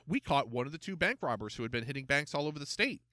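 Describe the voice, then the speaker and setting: A man voicing a calm, reassuring police chief and father. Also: a little high, fast talker, no echo, studio quality. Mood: cheerful.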